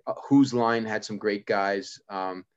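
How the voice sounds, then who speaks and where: Low-voiced man telling rambling stories. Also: steady tone, highs cut off. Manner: rambling storyteller, quick asides. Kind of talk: casual chat.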